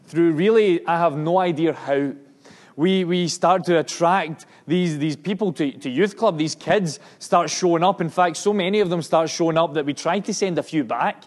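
A Scottish man preaches to a congregation, his voice sitting a little high for a man. He talks earnestly and with emphasis, often restarting his words as he reports on his mission work. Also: normal speed.

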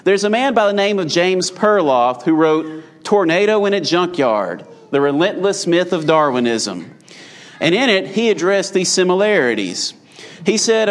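Male preacher, slightly high voice, conversational sermon delivery, speaks straight to the congregation. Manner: conversational, addresses the audience directly. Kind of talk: evening sermon.

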